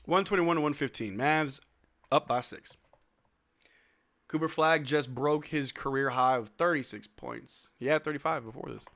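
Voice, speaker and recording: A young man hosting a live stream watch-along, giving excited fan play-by-play commentary and trash-talking players. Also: on the high side, moderate pace. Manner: excitable, shouts and laughs at big plays, trash-talks players.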